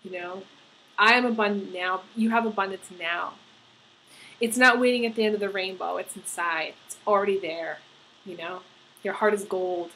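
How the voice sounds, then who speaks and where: A woman giving a tarot horoscope reading, earnest and halting, with many fillers and restarts. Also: mid-range voice, fairly even intonation, bright, forceful tone, slight background noise, rough recording. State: getting emotional. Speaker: tarot reader.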